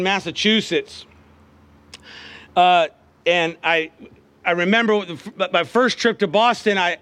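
Middle-aged man, preacher, high and bright, folksy sermon delivery. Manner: folksy storytelling, calls out "Amen?" to the congregation.

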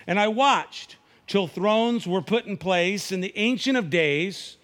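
Casting: male preacher, high voice, conversational sermon delivery. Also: takes it slowly, fairly bright tone. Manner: conversational preaching, acts out dialogue, frequent restarts. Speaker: pastor.

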